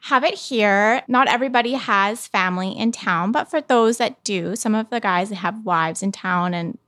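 A woman's voice: mid-range voice, moderate pace, fairly bright tone, no echo, studio quality. A woman in her thirties from Canada, telling stories in casual chat and laughing often. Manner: laughs often, chatty storytelling.

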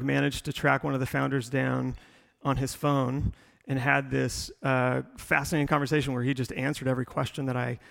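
A middle-aged man with a gravelly, creaky voice tells his career story in a rambling way, full of "uh"s and restarts. He speaks at a medium pitch. His voice rings out with the long reverb of a large hall. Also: fairly bright tone. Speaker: tech company executive guest.

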